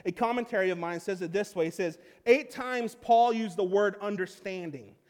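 A man with a high voice delivers a sermon in a relaxed, conversational way, stumbling and repeating words as he goes. His voice rings out with a long reverb, as in a large church hall. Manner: conversational preaching with repeated restarts. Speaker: pastor.

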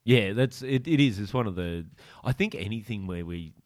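An Australian man hosting a podcast, teasing his guest with quick jokes and laughing often. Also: fairly low pitch, lively intonation, a little mellow. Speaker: podcast host. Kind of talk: casual podcast interview.

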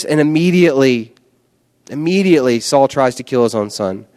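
A man's voice: medium pitch, lively intonation, normal speed, darkish tone. Man preaching a conversational sermon. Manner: conversational, emphatic, repeats words. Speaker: pastor.

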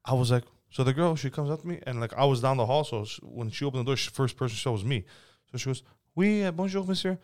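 Man, podcast host, quick and clear-voiced, profane storyteller. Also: medium pitch. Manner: profane, animated anecdote-telling. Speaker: podcast host, property manager. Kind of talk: casual storytelling chat.

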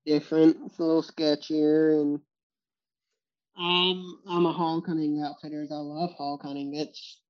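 A man, a guest on a podcast, telling hunting stories in a lively way, often laughing and acting out what people said. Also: a little high, a little slow. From Texas. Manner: animated, laughs often, acts out quotes. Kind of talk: storytelling in a podcast interview. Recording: muffled lo-fi recording.

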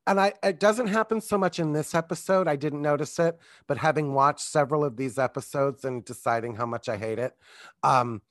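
A man's voice: on the high side, fairly quick, a bit bright, no room sound, studio quality. A man co-hosting a podcast in casual comedic chat, ranting profanely and mimicking people in funny voices. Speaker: podcast co-host.

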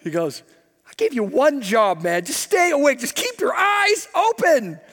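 A man's voice: very high voice, big pitch swings, unhurried, fairly bright tone, big-room sound, pitched above the performer's own voice, exaggerated voice. A man playing a patient but exasperated male teacher who talks in casual modern slang.

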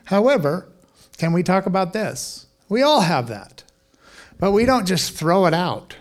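A man pastor preaching a sermon in a conversational, animated way, with casual asides and questions to the congregation. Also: sits high, measured pace.

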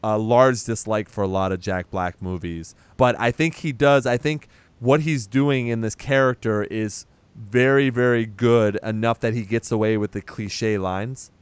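A man on a podcast casually recaps a movie's plot as co-host, rambling along, acting out the characters' lines and laughing. His voice is on the low side at a measured pace, clear and resonant with no echo.

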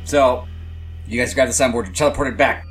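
A man's voice: medium pitch, a little fast, music in the background. A man acting as game master, narrating a tabletop role-play in a joking, loose way.

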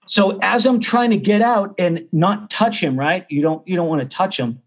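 A man's voice: high-pitched, moderate pace. A middle-aged man, a percussion teacher, telling a story casually and acting out the other people's voices. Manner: animated, acts out others' voices.

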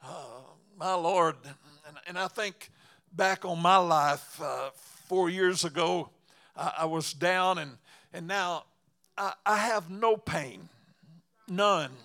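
A preacher man retells a scripture story from the pulpit. His voice sits high and rings bright. He moves slowly, stumbling over and repeating words, and breaks out in fervent exclamations. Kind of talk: storytelling sermon.

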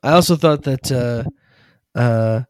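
A man's voice: medium pitch, slow, a little mellow, dry recording, clean studio sound. A man talking casually about a movie as a podcast co-host, enthusiastic and rambling, with lots of fillers.

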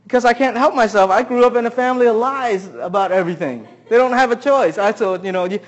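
A man preaching a sermon, who keeps asking the congregation questions and swings between loud emphasis and quiet asides. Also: high-pitched, fast talker, highs cut off. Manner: asks the audience many questions. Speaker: pastor.

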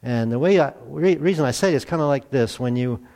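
Pastor guy giving a chatty sermon, middle pitch, keeps restarting and repeating himself. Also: expressive, brisk, dark tone. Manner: plain-spoken, restarts and repeats words. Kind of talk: conversational sermon.

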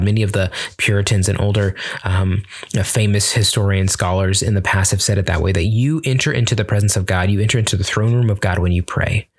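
A man's voice: lowish voice, slightly rough. A young man giving an earnest, conversational Bible teaching on prayer, with many fillers and restarts. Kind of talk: casual teaching talk on prayer.

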